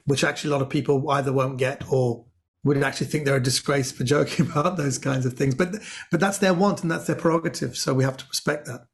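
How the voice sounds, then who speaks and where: Gravelly animated male comedian. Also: medium pitch, fast. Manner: animated anecdotes with quoted voices. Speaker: comedian guest. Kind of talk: podcast interview storytelling.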